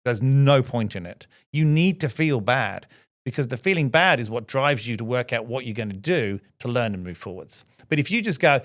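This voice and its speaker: A man's voice: medium pitch, sing-song, moderate pace, dry recording, clean studio sound. A middle-aged man speaking as a podcast guest, reflective and emphatic, often adding rhetorical "right?" asides.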